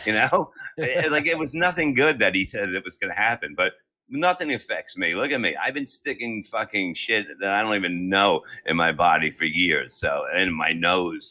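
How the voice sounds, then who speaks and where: Older man, low-pitched, bright forceful tone, crude, constant swearing, comic storytelling. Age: 70s. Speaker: comedy podcast host. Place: at home.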